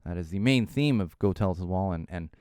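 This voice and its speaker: Animated ranting male podcast host. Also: low voice, fast talker, clear, resonant tone, dry recording, studio quality. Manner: animated, ranting, mocking voices. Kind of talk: solo podcast monologue.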